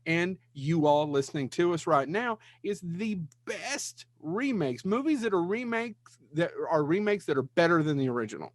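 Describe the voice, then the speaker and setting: Lively high-voiced man. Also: normal speed, no echo. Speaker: podcast co-host. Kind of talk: casual chat. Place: small basement room.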